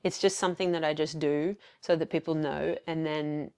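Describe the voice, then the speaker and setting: Low, gravelly Australian woman, podcast host, confessional solo monologue. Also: steady tone, moderate pace, darkish tone. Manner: candid, confessional, fillers and quoted self-talk.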